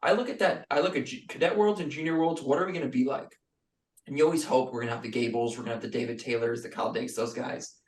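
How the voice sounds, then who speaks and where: A man co-hosting a casual podcast, excitedly retelling his reactions with lots of filler words. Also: medium pitch, quick pace, echoey room, recorded from a distance. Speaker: podcast co-host. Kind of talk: casual chat.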